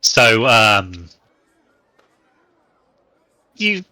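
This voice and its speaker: A man narrating a tabletop game as game master, in a relaxed, rambling way with many fillers. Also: lowish voice, drawn-out words, no echo, a faint crowd.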